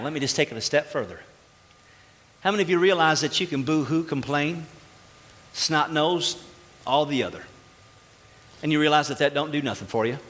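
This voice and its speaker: Animated preacher man in a reverberant hall. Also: a little high. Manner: animated, exclaiming and acting out little dialogues. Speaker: pastor. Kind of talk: sermon. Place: church sanctuary.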